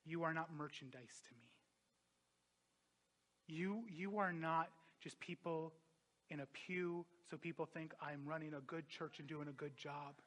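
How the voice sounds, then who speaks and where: A man preaching a sermon as a pastor, impassioned, swinging from loud emphatic peaks to quiet reflective drops. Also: fairly high pitch, a little slow.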